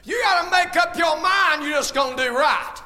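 Fiery high-voiced shouting preacher man. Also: moderate pace, soft background music. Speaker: pastor. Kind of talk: sermon.

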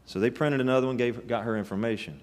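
A man's voice: mid-range voice, quick pace, a little mellow. A man preaching a sermon, telling stories in a folksy, emphatic way with rising bursts. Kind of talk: sermon with storytelling.

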